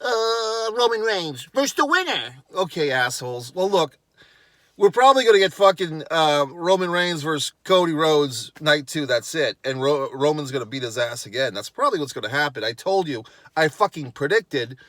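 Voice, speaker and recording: A man in a slightly high register rants into his vlog with blunt sarcasm and constant swearing. His tone is dismissive and mocking. The sound is dry, with no room echo. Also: animated, normal speed, a bit bright. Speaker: wrestling commentator. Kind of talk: profane ranting vlog.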